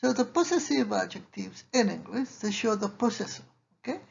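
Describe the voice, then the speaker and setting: Gravelly-voiced woman teaching grammar. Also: mid-range voice, big pitch swings, brisk. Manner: patient, explains each example in English and French, checks in with "okay?". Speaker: French teacher. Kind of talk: slide-based grammar lesson. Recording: slightly dull lo-fi recording with faint hiss.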